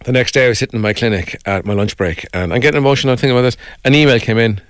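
A middle-aged Irish man telling personal stories as an interview guest, animated and emotional, often tagging on "right?". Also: medium pitch, rapid-fire, clean tone, no room sound, clean studio sound. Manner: animated, emotional storyteller with many "right?" asides. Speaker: guest, former English teacher. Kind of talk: casual storytelling interview.

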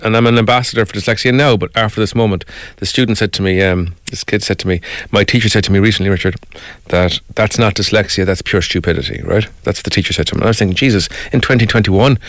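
Irish man, middle-aged, quick delivery, lowish pitch, dry close sound, animated storyteller. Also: no echo. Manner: animated, emotional storyteller with many "right?" asides. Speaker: guest, former English teacher. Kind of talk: casual storytelling interview.

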